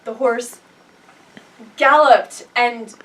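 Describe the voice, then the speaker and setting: A woman's voice: on the high side, fairly even intonation, drawn-out words, a bit bright. A woman taking her turn in an improvised group story, hesitant and giggly. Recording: distant mic, faint noise.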